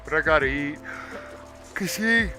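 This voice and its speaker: A man chatting casually on a live game stream, warm toward his viewers and sometimes talking about himself in the third person. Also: fairly high pitch, expressive, unhurried. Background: background music.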